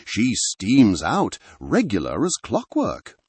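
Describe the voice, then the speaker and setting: A man's voice: fairly low pitch, huge pitch swings, slow, darkish tone, slightly rough, no room sound, exaggerated voice. A man reading a folksy old fisherman. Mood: friendly. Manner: folksy, plain-spoken. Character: weathered, friendly old male fisherman. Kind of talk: audiobook reading.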